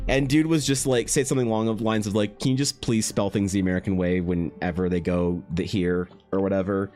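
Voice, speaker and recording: Man, lowish voice, casual stream chat, swears a lot, rambling, faint background music. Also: fairly even intonation, moderate pace, few pauses, a little mellow. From Canada. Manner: profane, rambling anecdote with frequent restarts. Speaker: artist streaming while drawing.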